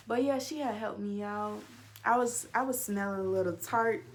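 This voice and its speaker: A young adult woman telling a storytime on her vlog, animated and profane, swinging between loud outbursts and low mutters. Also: normal speed. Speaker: vlogger. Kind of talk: casual storytime.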